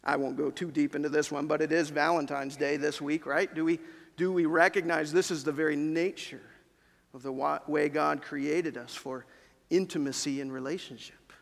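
A man's voice: a little high, fairly even intonation, moderate pace, creaky. A man preaching a sermon as pastor, talking conversationally and addressing the congregation directly, in a church sanctuary. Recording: long reverb of a large church hall.

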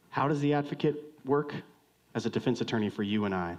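A man preaching a sermon in a conversational, joking way, swinging from loud outbursts to hushed lines and questioning the congregation directly. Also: medium pitch, fast. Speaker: pastor.

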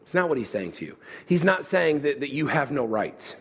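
A man preaching a sermon with animated delivery who voices the listeners' objections as questions. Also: on the high side, moderate pace, husky. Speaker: pastor.

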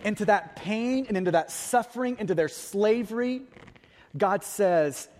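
A man's voice: high-pitched, expressive, unhurried, a little mellow, in a large hall. A man preaching a sermon, telling a personal story with vivid detail and rhetorical questions to the congregation. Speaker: pastor.

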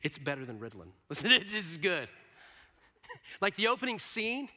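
High, bright-voiced preacher in a reverberant hall. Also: male voice, moderate pace. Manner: animated, swings from hushed whispers to loud bursts, laughs often. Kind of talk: sermon. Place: large hall with a live audience.

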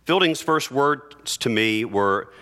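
A middle-aged priest preaching a sermon in church, earnest and heartfelt, sinking soft and low in grief and rising to emphatic declarations. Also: male voice, expressive, slow pace, background noise.

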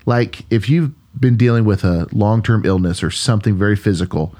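Earnest pastor with a lowish voice. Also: male voice, a little fast, a little mellow. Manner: earnest, musing, many restarts and "um"s. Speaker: pastor and podcast co-host. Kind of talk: conversational podcast storytelling.

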